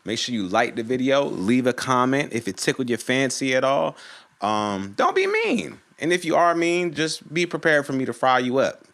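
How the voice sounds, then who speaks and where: A man's voice: mid-range voice, normal speed, fairly bright tone. A man from Virginia telling a casual, profane story on his channel and acting out the people in it. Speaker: storytime YouTuber.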